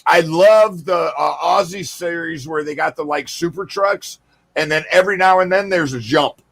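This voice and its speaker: Gravelly, slightly high American host, loose and jokey. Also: male voice, normal speed, a bit bright. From United States. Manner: loose, joking, swears freely. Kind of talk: casual podcast chat.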